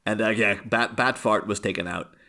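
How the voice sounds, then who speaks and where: A man co-hosting a podcast in casual chat, rambling and animated, dropping into quick mimicked voices and laughing. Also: lowish voice, gravelly, heavy background noise. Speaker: podcast co-host.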